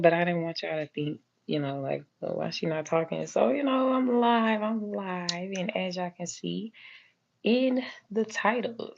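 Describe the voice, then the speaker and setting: A hoarse woman who has lost her voice, hosting a casual live stream as a nail technician and chatting to viewers with lots of fillers. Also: deep voice. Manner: chatty, addresses viewers as y'all, many fillers. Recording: dull lo-fi live-stream audio.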